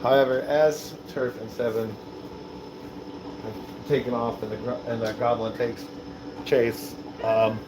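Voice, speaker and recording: A man running a tabletop game as dungeon master, narrating in a relaxed, rambling way with many fillers. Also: mid-range voice, unhurried, long pauses, noisy background.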